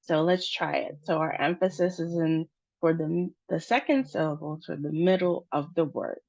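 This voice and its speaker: Woman, pronunciation teacher, deliberate, drawn-out words, dull lo-fi sound. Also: low voice, creaky, darkish tone. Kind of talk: slow, deliberate pronunciation lesson. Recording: dull, lo-fi recording.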